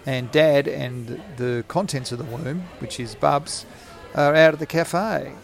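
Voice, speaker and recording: A man's voice: a little high, measured pace, gravelly. A man in his forties, hosting a rambling, jokey, self-mocking solo podcast recorded in a cafe. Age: 40s. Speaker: podcast host.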